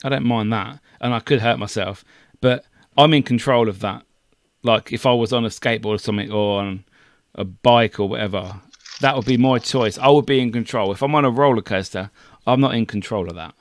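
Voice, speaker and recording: A man co-hosting a podcast, joining the chat in a relaxed way with short reactions. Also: medium pitch, fairly quick, no room sound, studio quality. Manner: laid-back, chimes in with short reactions. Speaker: podcast co-host. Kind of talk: casual chat.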